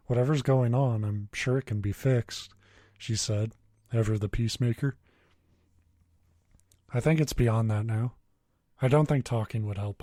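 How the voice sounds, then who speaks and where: A man's voice: medium pitch, mellow, no echo, studio quality. A man co-hosting a podcast, chatting loosely, swearing and laughing, and reading a horror story aloud in a plain voice. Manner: swears freely, laughs often, reads quoted dialogue plainly. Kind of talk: casual chat and story reading.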